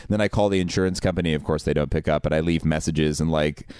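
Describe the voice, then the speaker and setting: A young man hosting a podcast and telling a long story, acting out the other people's lines. His voice is very low and smooth. It sounds dry and close, with no room echo. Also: steady tone, fast talker, a little mellow. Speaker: podcast host. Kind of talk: casual storytelling chat.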